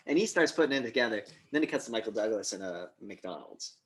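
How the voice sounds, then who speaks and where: A man's voice: fairly low pitch, fast, few pauses. A young man co-hosting a podcast, casually retelling movie scenes with acted-out lines and frequent swearing. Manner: animated retelling, acts out scenes, swears often. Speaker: podcast co-host. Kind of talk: casual movie review chat.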